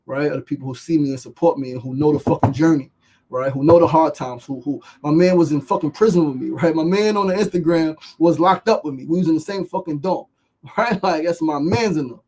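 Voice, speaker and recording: A man's voice: a little high, brisk, a little mellow, breathy edge, low-quality recording. A man hosting a motivational show, talking with passion and frequent swearing, asking "right?" again and again. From New York. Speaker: podcast host. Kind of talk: motivational livestream talk.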